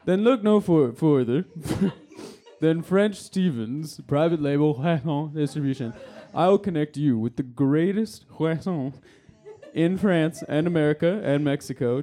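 A man's voice: on the high side, expressive, moderate pace, dark tone, close to an everyday voice. A man doing a pompous, bossy croissant sponsor. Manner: pompous, bossy, self-important. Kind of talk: live improv comedy.

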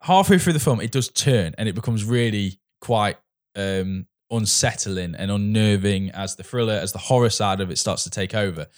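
A man with a lowish voice chats casually at normal speed as a film reviewer. He rambles with many restarts and acts out quoted dialogue.

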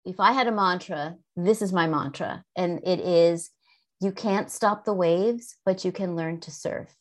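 A middle-aged woman explaining mindfulness for children, calm and gently instructive, sometimes speaking soothingly as if to a child. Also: fairly low pitch, a little slow. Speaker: guest expert on mindfulness. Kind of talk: conversational explanation.

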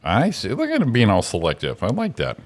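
A man's voice: fairly low pitch, wildly swooping pitch, fairly quick. A male co-host on a casual morning show, reacting playfully and laughing often.

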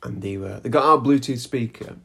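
A man co-hosting a podcast, telling stories in a casual chat with teasing, deadpan jokes. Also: medium pitch, fairly quick, creaky, husky. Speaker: podcast co-host.

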